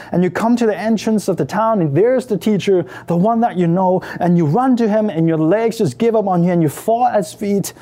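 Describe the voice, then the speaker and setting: Male meditation guide, mellow and slightly high, emotive second-person narration. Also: a little fast, hardly any pauses. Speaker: prayer leader.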